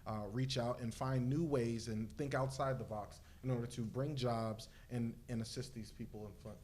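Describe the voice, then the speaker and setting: A man's voice: mid-range voice, fairly even intonation, moderate pace, darkish tone, slight background noise. A man speaking as a panelist and community activist, earnest and hesitant, with many fillers. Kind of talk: panel discussion.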